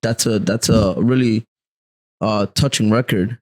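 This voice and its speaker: A reserved young man speaking softly as a podcast guest, in casual chat with lots of fillers. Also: fairly low pitch, measured pace, low-quality recording. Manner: soft-spoken, reserved, many fillers. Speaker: podcast guest, music producer.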